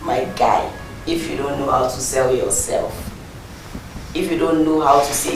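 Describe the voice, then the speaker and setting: A man's voice: mid-range voice, steady tone, moderate pace, vocal fry, a little hiss or hum. Emphatic Nigerian man coaching, roomy and distant. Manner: emphatic, mixes in pidgin, acts out scenes. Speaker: audition judge. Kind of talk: animated coaching talk.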